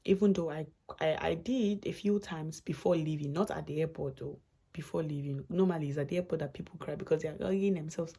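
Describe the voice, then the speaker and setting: A young woman tells her travel story in a chatty, rambling way, circling back and restarting as her feelings come up. Her voice sits low and husky, with a gravelly edge and a warm, dark tone. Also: fairly quick. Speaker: vlogger. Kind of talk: casual storytelling vlog.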